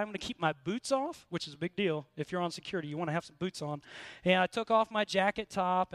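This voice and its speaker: A man's voice: sits high, clean tone, no echo. An American man preaching a sermon, mixing scripture with a story from his own army days, earnest and building in intensity.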